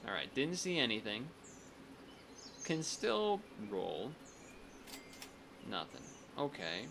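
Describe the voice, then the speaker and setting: A man's voice: medium pitch, huge pitch swings, takes it slowly, creaky, background noise. A man streaming a strategy game, chatting casually and thinking aloud, often restarting his sentences. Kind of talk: casual gameplay commentary.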